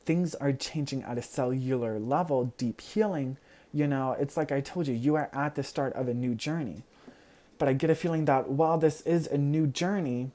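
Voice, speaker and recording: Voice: medium pitch, dark tone. A tarot card reader giving an earnest, reassuring pick-a-card reading straight to the viewer, full of "you know" fillers. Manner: loses words at times and laughs at own slips.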